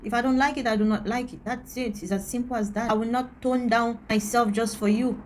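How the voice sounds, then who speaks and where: A woman's voice: fairly high pitch, fairly even intonation, fairly quick, a little mellow, a little hiss or hum. A woman, ranting candidly to camera as a vlogger, blunt and emphatic, repeating her points for stress. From Antigua.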